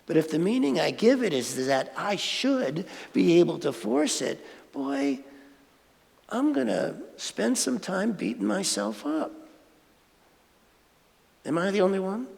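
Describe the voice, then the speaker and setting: High-voiced, gravelly male spiritual speaker. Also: very animated, unhurried, long pauses, a little mellow. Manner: conversational, playful, asks the audience questions. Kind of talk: sermon. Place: spiritual centre sanctuary. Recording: reverberant hall.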